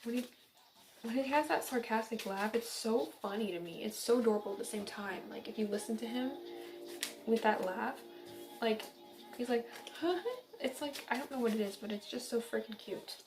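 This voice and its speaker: A woman's voice: on the high side, brisk, over music. A young woman from central Illinois giving a casual, upbeat tarot reading, chatty and giggly. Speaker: tarot reader.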